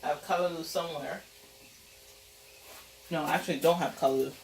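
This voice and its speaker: A woman's voice: sits low, steady tone, fairly quick, gravelly, darkish tone, far from the mic. Woman home cook, chatty and playful, off-mic in a roomy kitchen with faint background hiss. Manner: chatty, playful, talks through each step. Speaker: home cook, channel host. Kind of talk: casual cooking vlog. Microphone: camera mic, back turned, away from it.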